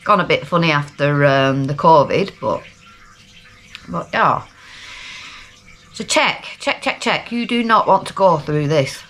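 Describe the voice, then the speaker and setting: A down-to-earth middle-aged woman with a broad Lancashire accent chats and rambles in a casual video diary. Her voice sits low for a woman. A faint background noise runs under the recording. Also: a little slow, pauses often, a bit bright. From Lancashire, England. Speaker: vlogger.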